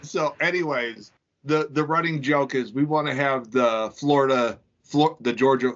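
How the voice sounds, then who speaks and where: A man co-hosts a casual podcast and drops in dry, joking remarks at a middle pitch. The recording is a little dull and lo-fi. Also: unhurried. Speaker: podcast co-host. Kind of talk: casual chat.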